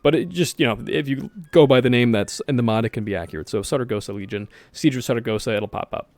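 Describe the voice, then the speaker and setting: A man's voice: mid-range voice, quick pace, no room sound. A man giving casual, rambling commentary over a strategy game, correcting himself often and dropping jokey asides. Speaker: gaming video host.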